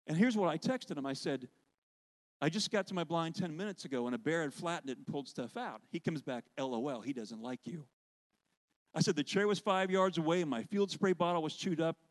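A worship leader preaching with lively, conversational storytelling. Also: male voice, a little high. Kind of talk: sermon storytelling.

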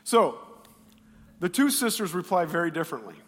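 A slightly high-voiced male pastor gives an animated sermon at a moderate pace, moving from booming bursts to hushed asides and performing the voices of those he quotes. The audio has a long reverb like a church hall.

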